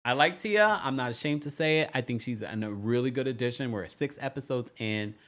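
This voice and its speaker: A man hosts a laid-back live-stream recap of a reality show, chatting playfully, reading out viewer comments and tossing off quick impressions of quoted lines. His voice is medium in pitch and a little bright.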